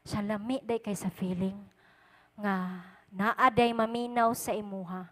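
A woman with a Cebuano Filipino accent preaching a sermon, swinging between hushed asides and loud, emphatic points, mixing English with Cebuano. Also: medium pitch, fairly even intonation, a little slow. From Philippines. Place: church service at a youth event. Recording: long reverb of a church hall.

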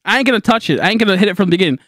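Loud, bright-voiced male game streamer. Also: high voice, lively intonation, very fast, no room sound, clean studio sound. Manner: loud, exasperated, laughing, swearing. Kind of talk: live game stream commentary.

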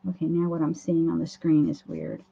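A hoarse woman hosts a casual craft livestream, chatting through each step as she works at a home craft table. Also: low voice, animated, a little fast, mellow. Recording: dull lo-fi livestream audio.

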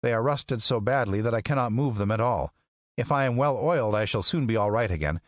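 A man voicing a polite, grateful tin man, speaking slowly and deliberately in a raised voice. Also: fairly low pitch, expressive, no room sound, pitched above the performer's own voice. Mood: pleading. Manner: slow, raised, deliberate speech.

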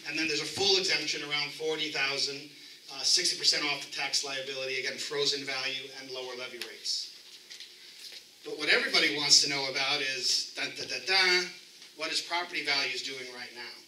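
New york guy explaining things at a town hall, bright sharp voice, pretty high, echoey room. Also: a little hiss or hum. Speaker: county assessor's office representative. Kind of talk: public meeting presentation. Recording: echoey room, mic from a distance.

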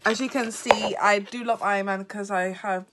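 A tired woman vlogger unboxing gifts at home, talking in an excitable, apologetic way. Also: mid-range voice, moderate pace, noisy background. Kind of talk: unboxing vlog.

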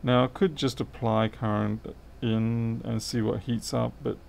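A man's voice: medium pitch, level tone, a little slow, gravelly, a little mellow, slight background noise. A middle-aged man, chatting casually and thinking aloud while he works through a repair on a livestream. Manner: rambling, thinks aloud, answers chat.

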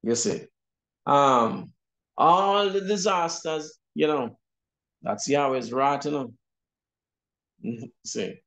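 Slow, roomy-voiced Jamaican Bible teacher man. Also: on the high side, expressive, a bit bright. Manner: emphatic, repeats "you see?". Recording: roomy echo.

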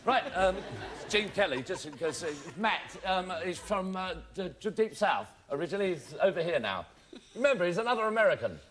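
A man's voice: high-pitched, expressive, a little fast, a bit bright. A man hosting a game show in a TV studio, teasing his guests with jokey banter. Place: TV studio with a live audience. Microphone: body mic. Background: studio audience.

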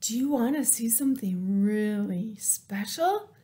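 A woman voicing a contented, friendly pig in a storybook, speaking in a hushed, blissful half-whisper. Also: fairly high pitch, lively intonation, measured pace.

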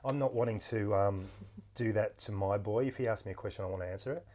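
The speaker, a podcast host, has a lowish, dark voice and a quick pace. He's in a casual interview chat at a podcast mic, telling stories in a chatty way, full of restarts and quick laughs.

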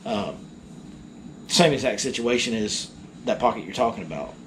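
A fishing guide telling a story in casual chat, animated and acting out the people in it. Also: male voice, lowish voice, normal speed, a little hiss or hum.

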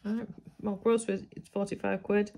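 A woman talks to camera at home late at night, chatty and self-mocking as she thinks aloud. Her voice is gravelly and a little husky, at a middle pitch. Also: flat delivery, a little fast, mellow. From United Kingdom. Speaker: budgeting vlogger. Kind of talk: casual chat to camera.

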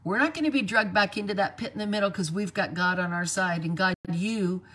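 Animated woman preaching a sermon. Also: medium pitch, a little fast, slightly rough. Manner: animated, acts out quoted voices.

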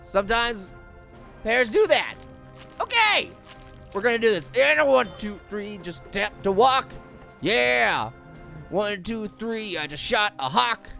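Pear, a cocky cartoon pear. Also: male voice, slow pace, creaky, faint music behind, exaggerated voice. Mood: excited. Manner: boastful and excitable, slangy, high squealing screams. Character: cocky, hyper talking pear, male, playful show-off. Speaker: game commentator. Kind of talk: let's-play cartoon commentary.

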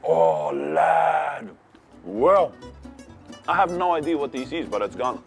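An Australian man reviewing food in a casual vlog, talking in an excitable, slangy way. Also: fairly high pitch, slow pace, creaky, faint music behind. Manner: slangy and excitable, calls the viewer "cuz". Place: cafes and city streets.

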